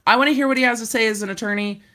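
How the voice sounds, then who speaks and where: A woman's voice: a little high, rapid-fire, pushed and bright. A woman legal commentator chatting casually on a live stream from a hotel room, laughing and joking at her own mishaps. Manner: chatty, laughing, self-deprecating.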